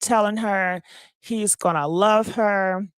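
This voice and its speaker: A woman hosting a casual live-stream gossip commentary, just woken up and low on energy, chatting directly to her viewers with plenty of fillers. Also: steady tone, takes it slowly, clear, resonant tone, no echo.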